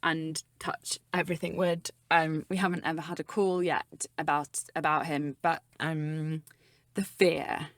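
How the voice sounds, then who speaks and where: A woman in her thirties with a West Country accent, co-hosting a casual podcast and laughing easily between stories. Her voice sits a little low and is recorded dry and close, with no room around it. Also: no echo. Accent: West Country English. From West Country of England. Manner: quick to laugh, lively and conversational. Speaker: podcast co-host. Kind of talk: casual chat.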